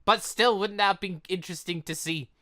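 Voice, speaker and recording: A man hosting a visual novel playthrough, commenting excitedly and laughing between the story's lines. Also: high-pitched, fairly quick, dry recording, clean studio sound. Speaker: let's play host.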